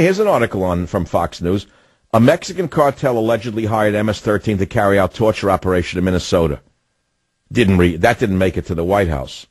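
A man's voice: fairly low pitch, breathy edge, no echo. A man hosting a talk radio show, delivering an indignant, ranting monologue with sardonic asides.

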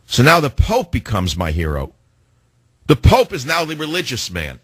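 A man's voice: mid-range voice, huge pitch swings, normal speed, fairly bright tone, husky, dry recording. A man hosting a political talk radio show, combative and sarcastic, firing off rhetorical questions.

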